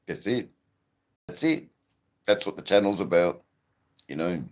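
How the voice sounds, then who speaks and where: A middle-aged Australian man with a persistent cough, hosting a casual livestream in a slow, rambling way with frequent ums. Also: sits low, big pitch swings. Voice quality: gravelly. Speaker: livestream host. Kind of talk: casual livestream chat reading comments.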